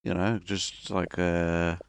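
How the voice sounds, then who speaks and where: A man's voice: low-pitched, level tone, takes it slowly, vocal fry, heavily acted. A man putting on a crude, laid-back Australian bloke with a put-on Australian accent, slangy and swearing as a bit on a game stream. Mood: blokey.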